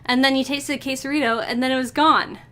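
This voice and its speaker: Woman streamer, slightly high voice, casual game chat, jokey, swears. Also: steady tone, fast, bright, forceful tone. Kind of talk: casual let's play chat.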